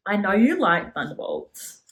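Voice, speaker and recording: A woman's voice: medium pitch, very animated, measured pace, fairly bright tone. A young woman guesting on a podcast, chatting easily with her best friend, agreeable and full of fillers. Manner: easygoing, agreeable, lots of "yeah" and "like". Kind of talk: casual chat. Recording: roomy echo.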